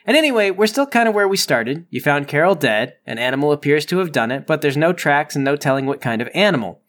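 Guy gm narrating a tabletop game, highish voice, bouncy and expressive, kinda wry. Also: quick pace. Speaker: game master.

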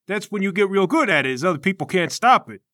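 A man's voice: high-pitched, expressive, quick pace, pushed and bright, no echo, studio quality, pitched above the performer's own voice. A man voicing an earnest, simple-minded male fighter and trainer in a tabletop game, speaking in plodding musings.

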